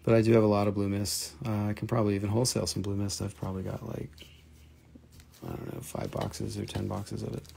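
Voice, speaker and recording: A man's voice: on the low side, level tone, fast, vocal fry, dark tone, husky. A man hosting a live stream where he sells crystals, talking in a chatty, joking way. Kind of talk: casual live sales stream.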